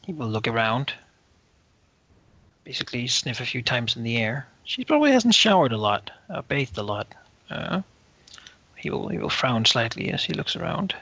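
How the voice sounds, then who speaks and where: A man's voice: medium pitch, sing-song, normal speed, creaky, pauses often, bright, forceful tone, no echo, rough recording. A man narrating as game master of a tabletop role-play, hesitant and full of fillers.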